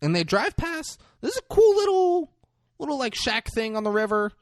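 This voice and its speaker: A man's voice: extremely high pitch, very animated, normal speed, dry recording, clean studio sound. A young man co-hosting a podcast, recapping a movie with profane, teasing banter. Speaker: podcast co-host. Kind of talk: casual movie recap chat.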